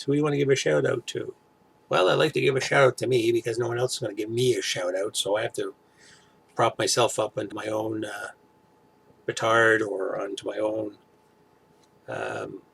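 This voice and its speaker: A middle-aged man chats to camera at an average pitch. His voice has a gravelly edge. He rambles and restarts often, filling pauses with hesitant fillers. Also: a little hiss or hum. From Toronto area, Canada. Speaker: vlogger. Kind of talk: casual chat to camera.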